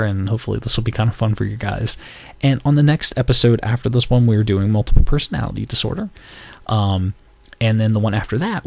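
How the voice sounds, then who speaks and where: A man's voice: fairly low pitch, vocal fry, darkish tone, no echo. A man from North Carolina, hosting a podcast and telling stories in a loose, rambling way full of fillers. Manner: rambling storytelling with many fillers. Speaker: podcast host. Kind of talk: casual podcast monologue.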